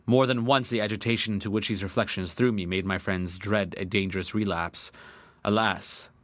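Low-voiced man narrating a classic novel. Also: a bit bright, dry recording. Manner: earnest, dramatic, old-fashioned diction. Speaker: audiobook narrator.

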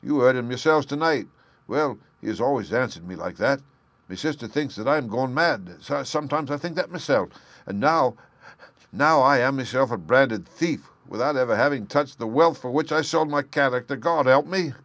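A man's voice: mid-range voice, expressive, moderate pace, fairly bright tone, no room sound. A man reading aloud plays a frightened young thief pouring out a pleading confession, his voice raised and urgent. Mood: anguished.

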